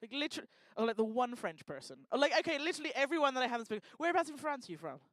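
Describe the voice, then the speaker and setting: With a high-sitting voice, big pitch swings and rapid-fire delivery, a woman hosts a live event from a lecture hall stage. She teases and jokes with the crowd in casual stand-up crowd work, and the recording is dry.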